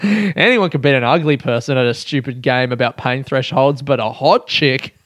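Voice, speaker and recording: A man's voice: medium pitch, normal speed, dry recording, clean studio sound. A young man hosting a casual solo podcast, rambling and self-mocking, swearing often and laughing at himself. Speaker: podcast host.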